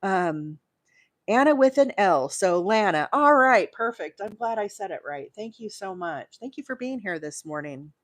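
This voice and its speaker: A woman's voice: mid-range voice, animated, moderate pace, no room sound. Chatty woman hosting a crochet livestream. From Alabama, US. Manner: chatty and self-deprecating, with many fillers and asides to viewers. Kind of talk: casual live crochet tutorial.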